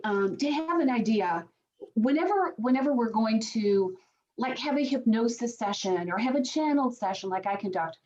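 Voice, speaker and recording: A woman's voice: a little high, a little mellow. A woman guest on a podcast, a psychic medium, explaining her work earnestly with frequent restarts. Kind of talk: podcast interview answers. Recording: dull lo-fi sound.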